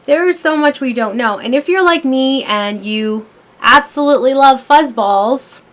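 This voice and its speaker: A woman's voice: sits high, a little slow, fairly bright tone. A woman in her thirties talking casually to her camera, telling a story with lots of fillers. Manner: chatty, storytelling, many fillers. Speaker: vlogger. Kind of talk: casual rambling vlog. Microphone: camera mic.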